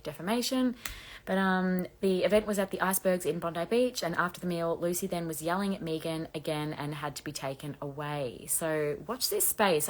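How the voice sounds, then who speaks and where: Woman, croaky low voice, fast chatty gossip livestream host. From Australia. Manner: fast-talking, chatty, laughs often. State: hoarse, losing her voice. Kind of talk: casual livestream chat reading comments. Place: bedroom at home with laundry drying.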